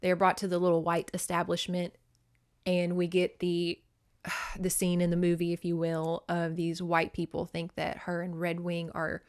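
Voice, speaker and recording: A woman's voice: on the low side, completely flat delivery, normal speed, clear, resonant tone. A young woman podcast host recapping a novel in a casual, chatty way, swearing often and acting out the characters.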